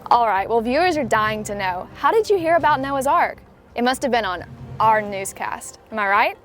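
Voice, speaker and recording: Woman playing a perky tv reporter lady, high voice, upbeat interviewer. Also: animated, moderate pace, fairly bright tone. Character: perky female TV field reporter. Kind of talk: comedic skit acting.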